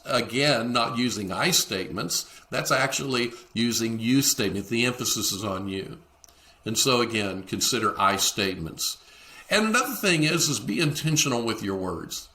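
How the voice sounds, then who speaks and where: Podcast host, middle-aged man, clear bright tone, talks listeners through ideas and plays out the lines he quotes. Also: medium pitch, lively intonation, normal speed. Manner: acts out quoted dialogue in shifting voices. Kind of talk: solo podcast teaching talk.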